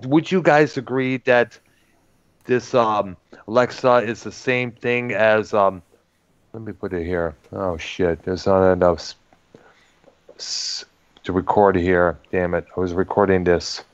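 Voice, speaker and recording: A man's voice: lowish voice, steady tone, measured pace, smooth, no room sound, muffled recording. A man co-hosting a casual livestream chat, telling stories with lots of hesitant fillers. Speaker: co-host.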